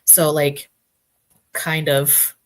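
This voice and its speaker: A woman's voice: low-pitched, level tone, extremely slow, crowd noise. A woman from Canada chatting casually on a podcast, filling her talk with "like". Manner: chatty, many "like" fillers. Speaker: podcast guest. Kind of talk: casual chat.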